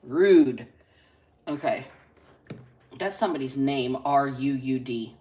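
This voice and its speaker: A woman hosting a casual live-stream reading into a phone, chatty and salty, stretching out single words between quick asides. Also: rumbling low, dark tone. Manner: chatty, drawls single words then talks fast. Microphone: phone camera.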